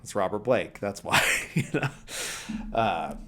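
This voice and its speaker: A man hosts a podcast, rambling through a casual film recap in a lowish voice that is expressive, pushed and bright, and a little slow. He leans heavily on "like" and "you know" and keeps the humour dry.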